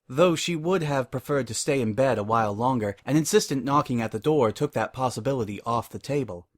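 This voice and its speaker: A man narrating a story in a measured, expressive dramatic reading. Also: medium pitch. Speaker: reader.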